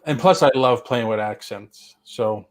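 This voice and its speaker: A man's voice: mid-range voice, unhurried. A man with a Boston accent, co-hosting a casual live-stream chat and telling stories in a chatty way. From Boston area. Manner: chatty, storytelling, slips into quoted voices. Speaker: co-host.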